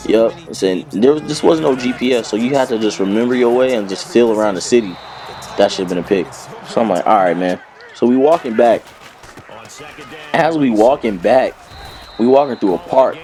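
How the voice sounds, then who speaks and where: A young man from Kentucky hosting a gaming channel, telling a comic story in slangy, jokey, animated speech. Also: medium pitch, moderate pace. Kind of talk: comic story time over gameplay.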